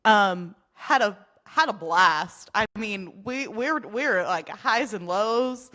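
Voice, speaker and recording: A woman's voice: medium pitch, expressive, slow pace, sharp tone. A young woman co-hosting a podcast, chatting casually in a playful, teasing way. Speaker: podcast co-host. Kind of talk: casual chat. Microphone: podcast mic with touch mute button.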